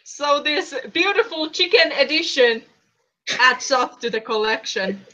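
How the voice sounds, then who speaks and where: Bright high-voiced playful woman streamer. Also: a little slow. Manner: playful, giggly, excitable. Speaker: streamer host. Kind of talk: casual livestream chat. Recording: dull lo-fi stream audio.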